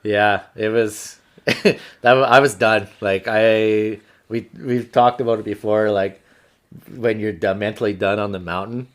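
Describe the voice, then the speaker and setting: A man hosting a podcast, telling a hunting story in a casual, animated, profane way. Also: on the low side, a little slow. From Canada. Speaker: podcast host.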